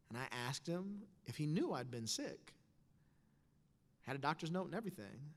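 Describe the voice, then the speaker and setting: Animated man telling a story in a hall. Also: a little high, normal speed, pauses often. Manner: wry, animated storytelling with quoted voices. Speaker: speaker. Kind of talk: storytelling talk on stage. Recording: long hall reverb.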